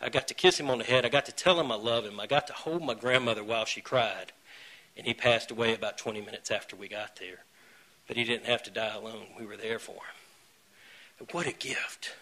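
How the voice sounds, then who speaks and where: A man sharing his own story at a recovery meeting. He talks earnestly, pokes fun at himself and now and then breaks into loud bursts. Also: mid-range voice, fairly quick, rough recording. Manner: earnest, self-mocking humor with sudden loud bursts. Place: meeting room.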